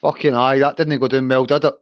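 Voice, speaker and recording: A man's voice: mid-range voice, flat delivery, quick pace, no room sound, highs cut off. A man in his thirties chatting casually on a livestream, swearing and calling everyone mate. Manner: swearing, says "mate" constantly. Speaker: livestream co-host.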